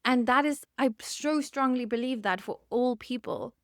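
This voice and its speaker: A high-voiced woman talks at normal speed in clean studio audio with no room sound. In her thirties and from South Africa, she hosts a solo podcast as a therapist and podcaster, opening up candidly in a personal monologue, soft laughs mixing with emotion as she chokes up near tears.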